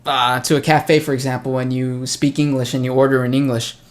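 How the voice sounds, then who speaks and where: A man's voice: mid-range voice, fairly quick. A young man from the United States, an English teacher hosting a casual chat with a friend, telling stories and acting out the dialogue. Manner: animated storyteller, acts out quoted dialogue.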